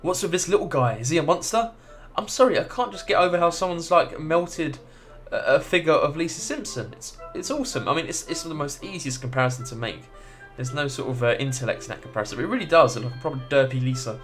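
A young man narrates his playthrough in casual let's play commentary, joking and swearing as he reacts. His pitch swings widely from phrase to phrase, with faint game music underneath. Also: lively intonation, fast, few pauses, fairly bright tone. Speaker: gaming video creator.

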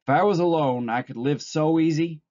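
A weary ranch hand speaks flatly and woodenly in a mellow voice, as a man reads him. The recording is dull and lo-fi. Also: fairly high pitch, moderate pace, voice pushed up, lightly acted. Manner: flat, wooden. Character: weary, hardened male ranch worker.

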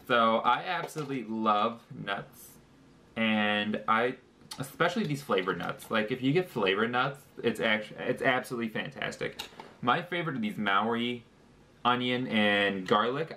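A man's voice: on the low side, moderate pace, sharp tone, a little hiss or hum. A young man talking casually through a snack review, chatty and joking, with fillers as he lists details. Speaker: vlogger.

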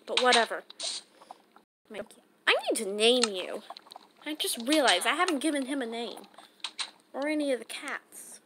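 Over loud background noise, a woman with a voice on the high side chats to herself while playing a game. She speaks at a moderate pace and pauses often, rambling casually the way a gaming channel host does during gameplay commentary.

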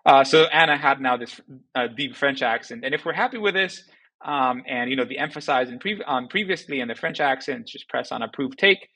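A man presenting a software tutorial in a loose, conversational way, with many fillers and tag questions. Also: medium pitch, expressive, brisk, slightly rough, low-quality recording. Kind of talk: casual screen-recorded tutorial.

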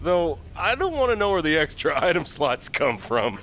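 A man's voice: a little high, very animated, normal speed, noisy background. Man cracking crude jokes over a game. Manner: crude joking, dry punchlines. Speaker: game commentator. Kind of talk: comedic let's-play riffing.

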